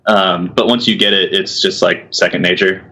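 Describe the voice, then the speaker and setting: A man's voice: low-pitched, normal speed, poor audio. A young man, a metal singer, chatting casually as a guest and explaining technique with lots of fillers and restarts. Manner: relaxed, many fillers and restarts, laughs easily. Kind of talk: casual chat.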